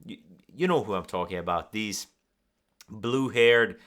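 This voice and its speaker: A man speaking as a communication coach, giving direct-to-camera advice in an animated way and acting out nervous and calm examples. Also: on the low side, measured pace.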